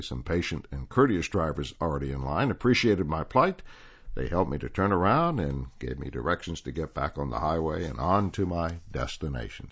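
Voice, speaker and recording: Male host-reader, very low, husky voice, steady read-aloud pace, dull lo-fi recording. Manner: calm, measured read-aloud delivery. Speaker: volunteer radio reader and host. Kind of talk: reading articles aloud, then casual anecdote.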